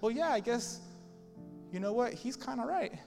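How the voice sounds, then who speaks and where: Preacher doing a hesitant, quiet man being talked into doubt; echoey room. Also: very high voice, animated, moderate pace, vocal fry, over music, full character voice. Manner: hushed, hesitant. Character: wavering man won over by false teaching.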